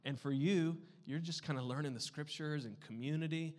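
A man preaching a sermon as pastor, conversational and playful, moving between loud emphasis and hushed, earnest passages. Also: a little high, normal speed. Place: church sanctuary. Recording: long reverb of a large hall.

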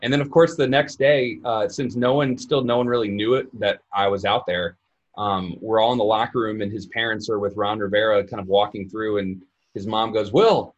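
A man with a lowish voice tells stories on a sports podcast in an easygoing, anecdotal way. The recording sounds somewhat dull and lo-fi. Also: fairly even intonation, brisk. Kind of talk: casual storytelling.

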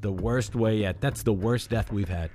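A man's voice: fairly low pitch, moderate pace, warm tone, soft background music. A man co-hosting a podcast in casual chat, joking and swearing freely. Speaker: podcast co-host.

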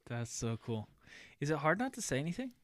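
A man hosting a casual interview, curious, asking many questions and quick to laugh. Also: fairly high pitch, sing-song, no room sound. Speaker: podcast host.

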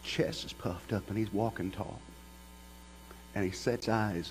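A man's voice: fairly low pitch, fairly even intonation, unhurried, pauses often, a little mellow, slightly rough, low-quality recording. A middle-aged man, a pastor preaching a sermon as a folksy storyteller. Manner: folksy storyteller who builds to passionate preaching.

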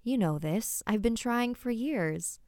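Brief: calmly sinister mom, put on by a woman narrator, matter-of-fact, dry close sound. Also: on the high side, slow, dry recording, pitched above the performer's own voice. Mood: soothing. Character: cheerful, calmly sinister mother.

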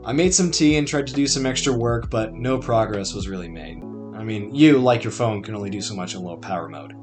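A man's voice: fairly low pitch, expressive, brisk, over music. A young man narrating his own podcast memoir in a wry, conversational way, with dry asides. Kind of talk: scripted personal narration.

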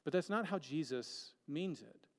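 A man preaching a sermon earnestly, moving between emphatic peaks and hushed, quiet lines. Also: a little high, expressive, unhurried, in a large hall.

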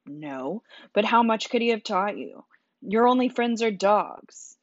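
Storybook figure: a woman playing a moody, sharp-tongued teen boy, in a dull, dry recording. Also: mid-range voice, animated, unhurried, dry recording, pitched above the performer's own voice, natural voice. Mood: sarcastic. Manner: snappy, bitter, sarcastic.

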